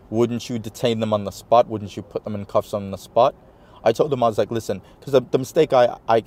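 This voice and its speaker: A man with a New York accent, a guest in an interview, retelling a personal story animatedly and acting out the dialogue. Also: lowish voice. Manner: animated retelling, acts out quoted dialogue, many fillers.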